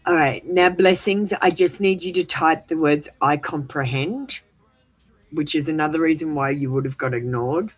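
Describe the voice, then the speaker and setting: A woman with a somewhat low voice hosts a live tarot stream in a casual, straight-talking way. She is firm about the chat queue but quick to reassure viewers. Soft music plays faintly behind her. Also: fairly even intonation, rough recording. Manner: blunt and direct, managing the chat queue; reassuring when viewers feel ignored.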